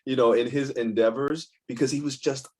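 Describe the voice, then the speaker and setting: Man, interview guest, mid-pitched voice, candid, rambling storyteller. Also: fairly even intonation, a little fast, darkish tone, husky. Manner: rambling, frequent fillers and restarts, candid.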